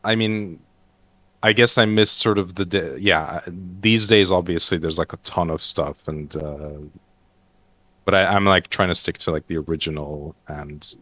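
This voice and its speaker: A man with a very low voice and a bright, forceful edge to it. He talks haltingly and keeps restarting his sentences, padding them with fillers. The sound is dry and close. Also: steady tone, dry recording. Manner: hesitant, lots of fillers and restarts. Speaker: roundtable panelist. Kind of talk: casual online chat.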